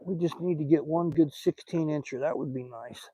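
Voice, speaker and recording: An older fishing channel host with a Southern accent streams live from a small boat on a lake, talking folksily and at rambling length to his viewers and the fish. His fairly high voice is mellow and husky at a normal speed, and the phone recording is low quality, with no room sound.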